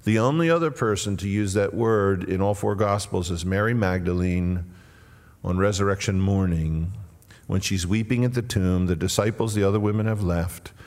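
A man preaching a sermon and telling the story dramatically, moving between loud cries and hushed tones. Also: sits low, normal speed. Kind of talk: expository sermon. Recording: long reverb of a large hall.

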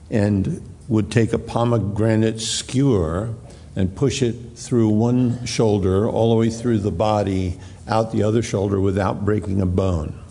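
A man preaching a sermon in a church, slow and deliberate, repeating phrases for emphasis. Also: lowish voice, gravelly, warm tone, breathy edge. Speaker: pastor. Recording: long hall reverb.

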